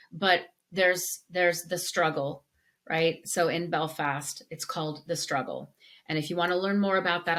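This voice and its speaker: A woman co-hosting a podcast, telling stories in a casual, animated way with frequent restarts. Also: fairly low pitch. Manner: animated storyteller with many restarts. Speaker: podcast co-host. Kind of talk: casual conversation.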